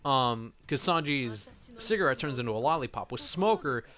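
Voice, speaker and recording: A man's voice: mid-range voice, expressive, normal speed, bright, forceful tone. A young man giving casual, rambling let's play commentary, correcting himself as he goes. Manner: rambling, self-correcting, laughs often.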